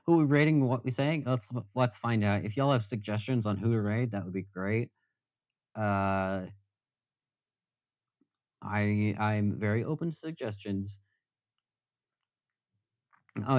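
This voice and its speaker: A man's voice: lowish voice, measured pace, a little mellow, no room sound, muffled recording. A man casually chatting with viewers on a live stream, rambling and self-deprecating.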